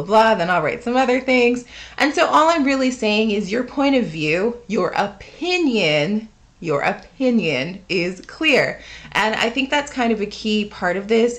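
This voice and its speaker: Chatty American woman explaining a word. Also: fairly high pitch. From United States. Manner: chatty, conversational, with fillers and asides. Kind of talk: unscripted casual explanation to camera.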